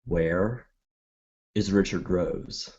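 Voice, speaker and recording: A man's voice: deep voice, drawn-out words, darkish tone, highs cut off, voice pushed down, heavily acted. A man voicing a cocky, profane tough guy in a tabletop game. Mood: menacing. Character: swaggering tough-guy male gunman, menacing.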